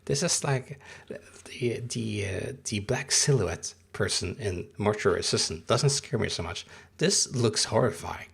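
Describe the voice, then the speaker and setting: A man's voice: fairly low pitch, animated, a little slow, vocal fry, husky. A man in his thirties, not a native English speaker, chatting in a rambling, casual way on a livestream and answering his chat.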